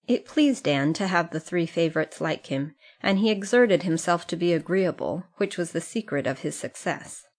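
A woman reading a classic novel aloud as an audiobook narrator. Her voice sits on the low side, calm and even as she tells the story. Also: moderate pace, few pauses. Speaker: audiobook reader. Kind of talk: scripted narration.

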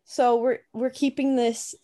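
A woman's voice: a little high, little pitch movement, a little slow, mellow. A young woman podcast co-host from Canada, chatting casually and telling a story with lots of fillers. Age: young adult.

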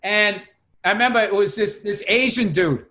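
A man's voice: sits high, normal speed, sharp tone. A middle-aged man telling rambling stories in casual chat, swearing freely. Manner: profane, rambling storytelling.

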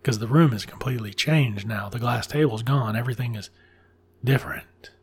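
A man with a gravelly, deeply husky voice recaps a classic tale in a loose, offhand way. He is sardonic and irreverent, dropping swear words freely. His pitch sits in an ordinary middle range. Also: a little fast, a little mellow. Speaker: storyteller. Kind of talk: casual profane retelling of a classic story.

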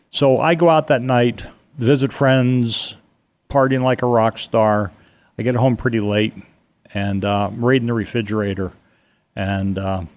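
An older man from Connecticut, telling a long personal story in a rambling, animated way, with many restarts. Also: mid-range voice. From Connecticut, USA. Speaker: guest telling a ghost story. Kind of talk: casual storytelling on radio.

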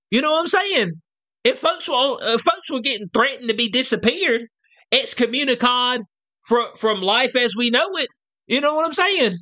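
A man with an extremely high, sharp-toned voice gives a casual vlogger rant thick with slang. He leans on rhetorical asides and keeps asking his viewers "you know what I'm saying."

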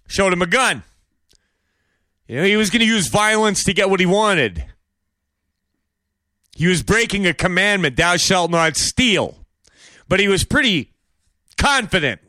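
A man's voice: high-pitched, no room sound, studio quality. A man hosting a monologue show, giving opinionated commentary with sarcastic, mocking rhetorical questions. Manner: bursts into exaggerated shouted impressions. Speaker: podcast host.

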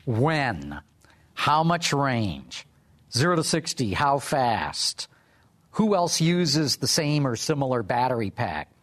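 Man, interviewer, animated pitch, brisk questioning. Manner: brisk, reads off a list of questions.

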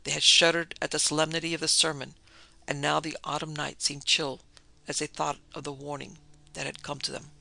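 A man narrating a dark tale in a vivid, dramatic storybook reading. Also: a little high, flat delivery, brisk, creaky.

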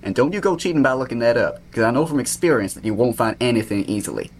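A man's voice: medium pitch, animated, fast talker, darkish tone, a little hiss or hum. A man hosting a trivia segment on a casual podcast, playful and teasing as he asks and answers questions.

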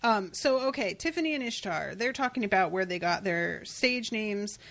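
A woman co-hosting a casual podcast chat about comics, animated and laughing often as she retells scenes. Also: medium pitch, normal speed. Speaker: podcast co-host.

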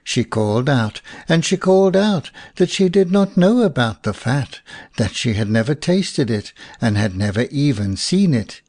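A man narrating a folk tale audiobook in a slow, expressive storytelling voice. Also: medium pitch, dry recording, studio quality.

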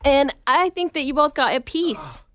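A woman's voice: high voice, sing-song, moderate pace, fairly bright tone, dry recording. A woman co-hosting a casual radio show, laughing and narrating what the others do. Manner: giggly, play-by-play narrating. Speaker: co-host.

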